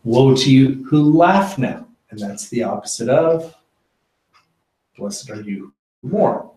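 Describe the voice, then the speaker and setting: A man leads a relaxed Bible study, thinking out loud with plenty of ums and restarts. His voice sits in the middle range and carries a noticeable room echo. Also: medium pitch, takes it slowly. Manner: conversational, many fillers and restarts. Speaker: pastor leading a Bible study. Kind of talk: informal Bible teaching with discussion.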